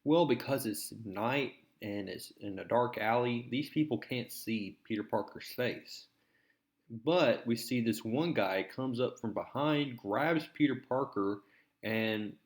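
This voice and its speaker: Man, casual comic recap, slow unhurried delivery, loose filler-laden storytelling. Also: medium pitch. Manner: relaxed, filler-heavy storytelling. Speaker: comic book reviewer.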